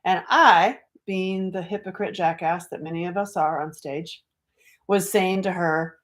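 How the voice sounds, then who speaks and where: A middle-aged woman from North Carolina talks on a livestream in a lowish voice. She is chatty and animated, slipping into other people's voices as she tells a story. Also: a little slow. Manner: chatty and animated, acts out quoted voices, asides to viewers. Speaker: author and speaker. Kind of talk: casual livestream talk.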